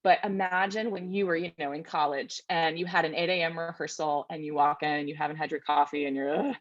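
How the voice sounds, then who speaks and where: Soft-spoken woman giving a dry, close webinar talk. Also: deep voice, fairly even intonation, fairly quick, no room sound, dull audio. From Virginia, USA. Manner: thoughtful, gentle, frequent tag questions. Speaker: vocal wellness presenter.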